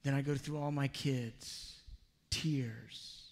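A man preaching a sermon, telling a personal story in an earnest, confessional way with soft asides. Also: a little high, unhurried, long reverb tail. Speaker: pastor.

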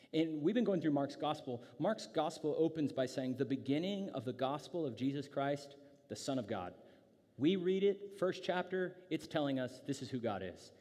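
Man preaching, conversational, loose restarts, mid-pitched voice, long hall echo. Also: darkish tone. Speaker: pastor. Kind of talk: sermon.

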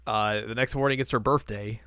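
A woman's voice: rumbling low, steady tone, fairly quick, fairly bright tone, no echo. A woman co-hosting a casual podcast, recapping an anime episode and acting out the characters in silly voices. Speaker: podcast co-host.

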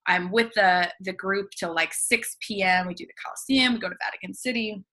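A woman from the United States spins a relaxed travel anecdote as a podcast guest. Her voice is bright and forward, and her talk runs breezy and chatty, sprinkled with casual fillers. Her pitch sits in the middle. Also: brisk. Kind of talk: casual storytelling.

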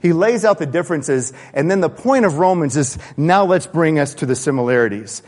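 Guy preaching in a church, lively sermon, kinda high voice, echo hanging in the hall. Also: a little fast. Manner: animated, acts out voices of people he quotes. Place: church sanctuary. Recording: long church-hall reverb.

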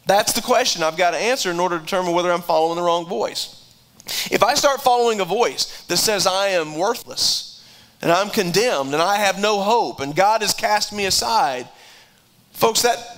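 A man preaching a sermon in a conversational way, often repeating words and climbing higher when he is stirred. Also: a bit bright, low-quality recording.

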